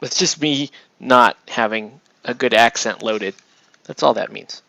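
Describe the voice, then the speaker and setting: Gravelly, bright-voiced man chatting casually. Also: medium pitch, unhurried, no echo. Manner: rambling, self-deprecating, talks to viewers. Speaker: miniature painter streaming live. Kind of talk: casual chat while painting.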